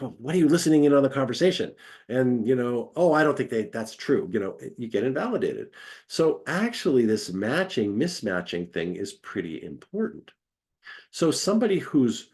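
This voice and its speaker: A man's voice: mid-range voice, a little mellow. A man giving a conversational academic lecture, acting out quoted voices as he explains.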